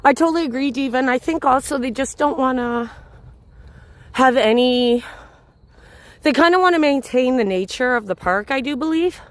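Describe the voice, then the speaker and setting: This is a woman's livestream from a nighttime city park, where she strolls with her phone and chats casually, replying to viewers by name. Her high voice is animated and moderately paced, with no room sound.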